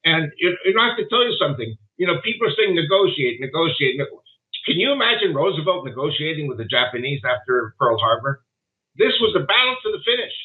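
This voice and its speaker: A man's voice: on the high side, very animated, quick pace. A man being interviewed remotely, talking emphatically and wandering from point to point as he makes his case. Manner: emphatic, digressive storytelling. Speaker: guest commentator. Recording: tinny phone-like line.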